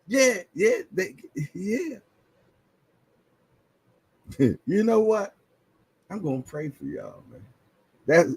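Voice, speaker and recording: A relaxed male boxing show host chatting loosely in slang, laughing often and repeating himself. His pitch swings widely as he talks, slow and unhurried, with a dry, close sound. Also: dry recording. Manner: laid-back slang, frequent laughs, repeats "yeah, yeah". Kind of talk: casual livestream chat.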